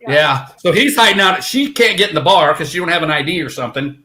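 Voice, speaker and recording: A man's voice: fairly high pitch, a little fast, background noise. A man who plays in a band, a guest on a podcast, telling road stories with lots of swearing and acting out what people said. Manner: swearing, animated storytelling that acts out quotes. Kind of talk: casual storytelling.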